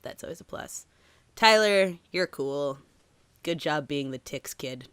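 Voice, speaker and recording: Female co-host from Massachusetts, lower register, animated casual chat with lots of laughs and "like". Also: unhurried, clear, resonant tone, dry recording. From Massachusetts, USA. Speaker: podcast co-host.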